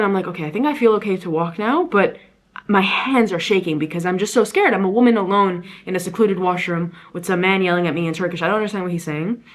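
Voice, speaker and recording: A young woman vlogging about her travels, her voice sitting a bit low for a woman. She talks quickly, animated and rambling, often correcting herself mid-sentence as she tells a story. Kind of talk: casual storytelling.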